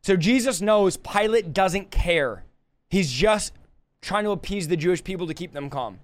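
Man, Bible teaching, colloquial, animated paraphrasing, high-pitched. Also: normal speed. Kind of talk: casual verse-by-verse Bible teaching. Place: livestream.

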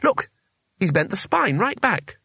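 A man voicing a mild, earnest male tourist who speaks softly and fussily, read in a dry-sounding audiobook. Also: sits high, very animated, a little slow, vocal fry, slightly rough, no echo, pitched above the performer's own voice, full character voice. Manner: soft-spoken and fussy.

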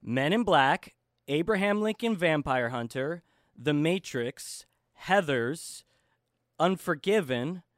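A man co-hosting a movie podcast in a bright, jokey way, his pitch a little high and swinging all over. The sound is dry and close, with no room around it. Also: expressive, no echo. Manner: playful, giggly, listing quickly. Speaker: podcast co-host. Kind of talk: casual movie podcast banter.

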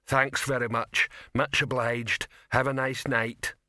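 A man voicing a big, gentle male troll who talks in a mournful, eager-to-please way. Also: mid-range voice, fairly even intonation, takes it slowly, no room sound, studio quality.

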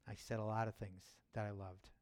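A man preaching as a pastor, speaking in a personal, conversational way with restarts and chuckles, and building to loud fervor. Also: on the low side, little pitch movement, fairly quick. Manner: builds to loud, rising fervor near the end. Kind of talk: sermon. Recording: long hall reverb.

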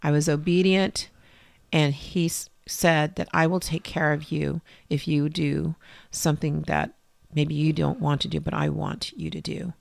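A woman's voice: low voice, level tone, unhurried, gravelly, no echo. A middle-aged woman telling a personal faith story as an interview guest, acting out past conversations with strong emotion.

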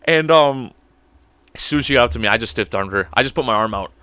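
A man's voice: medium pitch, animated, fast talker, bright, forceful tone, clear, resonant tone, no room sound. A young man with a Chicago accent telling a breakup story on a podcast, profane and rambling, laughing often. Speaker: podcast co-host. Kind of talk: casual storytelling.

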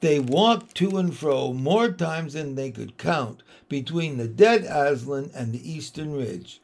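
A man reading a children's storybook aloud, slow and expressive. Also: a little high, vocal fry. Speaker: audiobook reader. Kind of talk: storybook narration.

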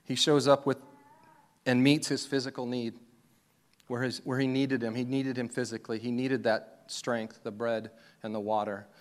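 A man preaching a sermon as pastor, retelling a scripture story and acting out its scenes, dropping to a whisper for the quiet moments. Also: mid-range voice.

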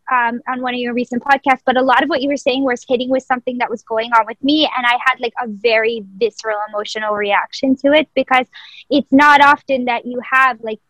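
A woman with a high voice talks as a podcast guest and a longtime listener of the show. She sounds enthusiastic and laughs often. The sound is dry and close. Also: fairly bright tone, dry recording, muffled recording. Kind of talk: casual chat.

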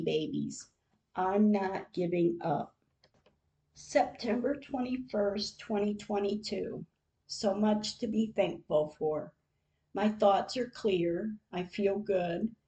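A middle-aged woman reads her diary entries aloud at a slow, unhurried pace. Her voice is mellow and soft in tone, quiet and reflective. She is a podcast host sharing her days with her listeners. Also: mid-range voice, highs cut off.

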